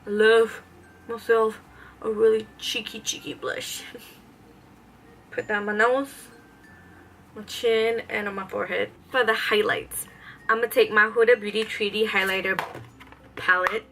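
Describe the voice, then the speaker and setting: A young woman talks through her makeup routine in a loose, rambling way, full of little fillers. Her voice is bright and forward, at an ordinary pitch for a woman. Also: level tone, unhurried, long pauses, a little hiss or hum, low-quality recording. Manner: chatty, rambling, lots of "like". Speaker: beauty vlogger. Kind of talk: casual makeup tutorial chat.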